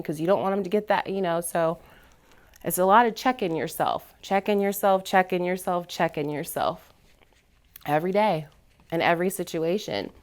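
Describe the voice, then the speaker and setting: Earnest low-voiced woman telling a story. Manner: earnest, builds from quiet to heated retelling. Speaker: panel guest. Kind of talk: personal story in a panel discussion.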